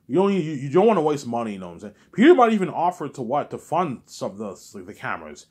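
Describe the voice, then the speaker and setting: A man's voice: medium pitch, big pitch swings, fast talker, few pauses, a little mellow, breathy edge. A man talking in a rambling, repetitive monologue, often restarting and adding "you know what I'm saying". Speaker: vlogger.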